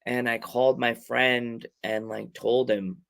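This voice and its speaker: A man hosting a podcast, telling animated stories and acting out other people's cries and shouts in casual chat. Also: medium pitch, a little slow, gravelly. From Long Island, New York. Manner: excitable storyteller, acts out quotes with loud cries. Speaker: podcast host.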